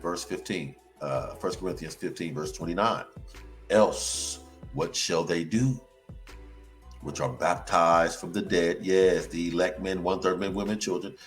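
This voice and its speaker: Deep-voiced man preaching with sudden whoops. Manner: emphatic, with sudden high whoops and repeated chanted phrases. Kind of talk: sermon-style scripture teaching.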